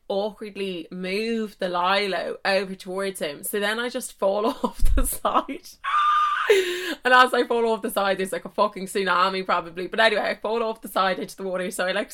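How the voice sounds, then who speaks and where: A young adult woman, telling a story as a podcast host in a gushing, animated way, full of "like" and "so anyway". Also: medium pitch, normal speed. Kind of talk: casual storytelling.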